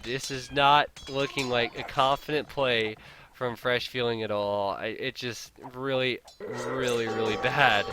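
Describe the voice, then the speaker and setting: A man's voice: mid-range voice, slow pace, music in the background. A man giving live play-by-play commentary on a strategy game match, chatty and openly incredulous, laughing at the players' blunders. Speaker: game caster.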